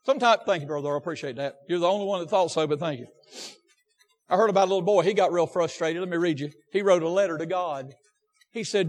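A man preaches a folksy sermon. He drops to a near-hush, then climbs back to impassioned fervor. A long reverb from the church hall trails each phrase. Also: high-pitched, fast, faint music behind. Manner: folksy, swings from hushed to impassioned.

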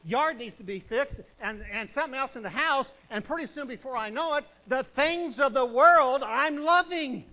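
Man, preacher, high voice, bright sharp tone, fiery revivalist sermon, loud bursts and hushed asides. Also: moderate pace, hardly any pauses, rough recording.

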